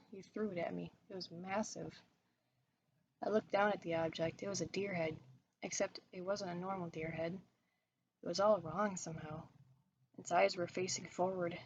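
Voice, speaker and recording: Lady reading a creepy story, steady and even, dull lo-fi mic with a little hiss. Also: on the low side, gravelly. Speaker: story reader. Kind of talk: scripted horror story narration.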